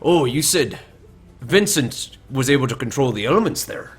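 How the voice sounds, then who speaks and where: A man's voice: mid-range voice, sing-song, normal speed, husky. A man voicing a weathered, teasing dwarf plainsman with a put-on burr, over faint music. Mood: folksy. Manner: folksy, drawling, teasing.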